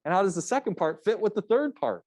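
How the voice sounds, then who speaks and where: A man's voice: high-pitched, sing-song, fast, darkish tone, dry recording, clean studio sound. A man teaching a public speaking class, giving feedback in a loose, conversational way with frequent restarts. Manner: conversational, restarts often, coaching tone.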